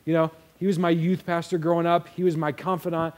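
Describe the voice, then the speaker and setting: A man's voice: fairly high pitch, little pitch movement, a little fast, darkish tone. A young man preaching a sermon in a casual storytelling way, acting out the quotes. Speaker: pastor.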